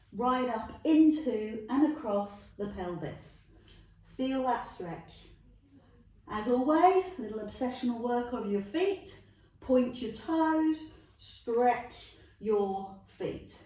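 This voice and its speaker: A woman's voice: on the high side, darkish tone. A woman with a British accent leading a Pilates workout, upbeat and playful, chatting and joking between cues. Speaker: Pilates instructor. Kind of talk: live-style workout instruction. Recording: very echoey, distant room sound.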